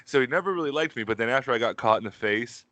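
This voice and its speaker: A man's voice: medium pitch, animated, racing, pushed and bright, no echo. A man from Pittsburgh, co-hosting a podcast and telling rambling, profanity-laced stories while calling everyone "dude". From Pittsburgh, USA. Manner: profane, rambling, uses 'dude' constantly. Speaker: podcast co-host. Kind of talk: casual storytelling chat.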